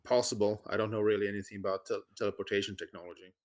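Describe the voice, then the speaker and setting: A man's voice: fairly low pitch, level tone, racing. A man playing a tabletop game, reasoning aloud in a matter-of-fact way. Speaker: player. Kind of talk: casual tabletop play.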